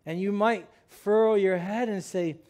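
Male pastor, fairly high voice, conversational sermon delivery with many ums and restarts. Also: darkish tone. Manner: reads scripture slowly, then preaches with many fillers and restarts. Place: church sanctuary.

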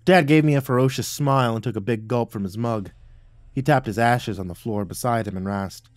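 A man reading a first-person horror story aloud, dramatic and swinging between hushed and loud. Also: mid-range voice, fairly quick, no echo, studio quality.

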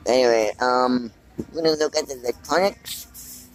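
A man's voice: medium pitch, moderate pace, poor audio. A man vlogging casually from inside a big store on a handheld phone, rambling and thinking aloud as he browses. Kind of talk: casual walk-and-talk vlog.

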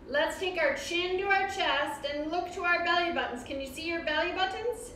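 A woman's voice: extremely high pitch, unhurried, sharp tone, slight background noise. Sing-song woman leading kids' yoga, echoey. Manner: cheerful, sing-song, encouraging children. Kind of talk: guided kids' yoga class. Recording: roomy echo from far off.

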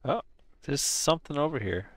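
A man's voice: a little high, lively intonation, normal speed, fairly bright tone, no echo. A young man chatting casually while playing a co-op game, thinking aloud as he explores. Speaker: gamer playing co-op. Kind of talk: casual co-op gameplay chat.

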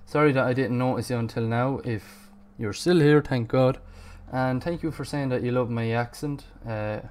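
A man's voice: medium pitch, moderate pace, a little mellow, clear, resonant tone. A man streaming a video game live, chatty and self-mocking, and swearing at the game now and then. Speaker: gaming streamer. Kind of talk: live gameplay commentary.

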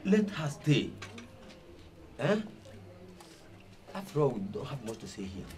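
An actor playing a village elder who calmly pleads for peace at a family meeting. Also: male voice, mid-range voice, measured pace. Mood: placating. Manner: soothing, pleading.

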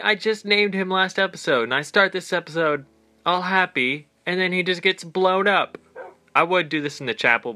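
A man hosting a let's play, talking casually over his game in an animated voice that often breaks into exclamations. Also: medium pitch. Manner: animated, exclaiming and laughing in dismay. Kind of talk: casual gameplay commentary.

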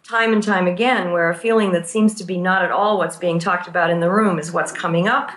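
A woman's voice: fairly low pitch, steady tone, fairly quick, fairly bright tone, reverberant. A woman who works as a therapist and teaches pastoral care, explaining her ideas thoughtfully in a conversational interview and walking through examples.

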